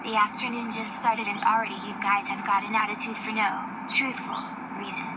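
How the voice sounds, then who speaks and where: A woman's synthetic voice playing an exasperated female cartoon friend, scolding in a flat delivery. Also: medium pitch, fairly quick, heavy background noise, close to an everyday voice.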